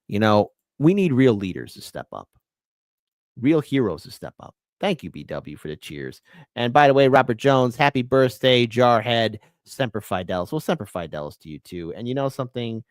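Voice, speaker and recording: A man's voice: mid-range voice, very animated, normal speed, no room sound, studio quality. Joking man hosting a livestream. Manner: loose, joking, giving shout-outs. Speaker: livestream host. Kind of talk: casual livestream chat.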